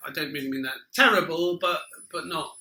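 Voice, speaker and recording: A man co-hosting a casual film chat, making dry, wry remarks. His voice sits high and sounds very bright. The room is echoey, with a faint hiss behind him. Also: fairly quick. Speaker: podcast co-host.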